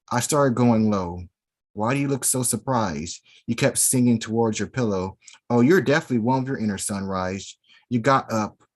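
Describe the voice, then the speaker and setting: A man recites his spoken word poetry at an online open mic. His voice sits fairly low, and his delivery is theatrical, slow and deliberate. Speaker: poet performer.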